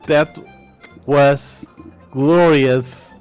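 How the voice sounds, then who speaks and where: A man playing a tabletop game, speaking in a halting, hesitant way with many restarts. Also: mid-range voice, steady tone, darkish tone, clear, resonant tone, faint music behind. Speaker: player. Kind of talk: casual tabletop game play.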